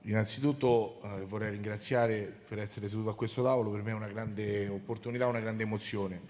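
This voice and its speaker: A man's voice: fairly low pitch, steady tone, quick pace, a little mellow, big-room sound, slight background noise. A man from Rome, a fighter speaking with determined confidence at a press conference. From Rome, Italy.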